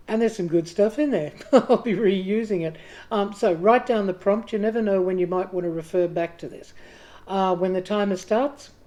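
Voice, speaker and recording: A woman's voice: medium pitch, mellow. A woman hosting a writing group, talking casually and chattily to the camera with self-deprecating asides. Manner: chatty, self-deprecating, acts out quoted inner voices.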